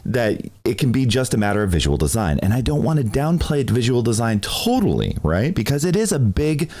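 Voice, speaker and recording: A man's voice: lowish voice, big pitch swings, a little fast, hardly any pauses, a little mellow. A man hosting a live-stream masterclass, talking in a rambling, filler-heavy way and laughing easily. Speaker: stream team host.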